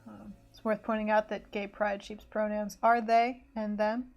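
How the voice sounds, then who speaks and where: A woman's voice: medium pitch, little pitch movement, normal speed, a little mellow, highs cut off. A woman chatting casually on a livestream, rambling and correcting herself, slipping into mock race commentary. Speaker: streamer. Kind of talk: casual livestream chat while drawing. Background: faint music.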